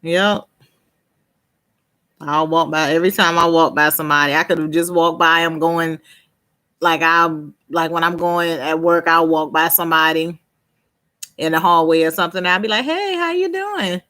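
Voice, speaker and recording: A woman's voice: deep voice, flat delivery, normal speed, pauses often, sharp tone. Chatty, laughing woman on a live stream. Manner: chatty, laughs often, trails off and restarts; replies to viewers' comments by name. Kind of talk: casual live-stream chat.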